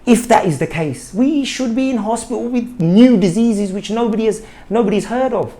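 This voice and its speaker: A man's voice: high voice, moderate pace, few pauses, warm tone. A middle-aged man, talking indignantly to camera about health and firing off rhetorical questions, repeating himself for emphasis. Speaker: health vlogger. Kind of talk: impassioned monologue to camera.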